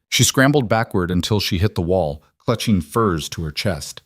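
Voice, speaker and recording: A man with a low voice narrates a dramatic western tale in a measured, brooding, expressive way. The sound is dry and close, without room echo.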